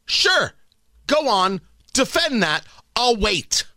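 A middle-aged male talk radio host with a high, bright voice that leaps all over the place. He rants sarcastically and picks fights, dropping to mutters and then bursting out loud. The studio sound is dry and close. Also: very animated, unhurried, no room sound. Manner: sarcastic, combative, swings between mutters and loud mock outbursts. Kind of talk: opinionated talk radio monologue. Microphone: studio broadcast mic.

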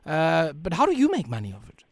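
A man hosting an evening radio interview from a studio, talking with many uhs and pauses. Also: a little high, wildly swooping pitch, gravelly, no room sound. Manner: hesitant, many filler words. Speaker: radio host.

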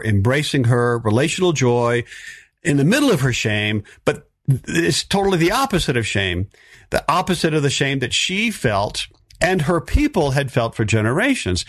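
A man's voice: mid-range voice, dry recording, studio quality. A man teaching a sermon-style Bible talk for a podcast, emphatic, with frequent fillers and restarts. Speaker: podcast preacher.

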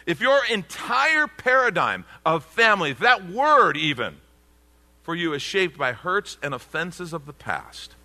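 A man's voice: high-pitched, sharp tone, big-room sound. A male pastor preaching a sermon, emphatic, with repeated phrases. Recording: radio broadcast of a church sermon.

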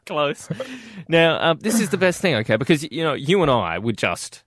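Animated man on breakfast radio. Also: fairly high pitch, moderate pace, no echo, clean studio sound. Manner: playful, laughs often, lively. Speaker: radio co-host. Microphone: studio microphone.

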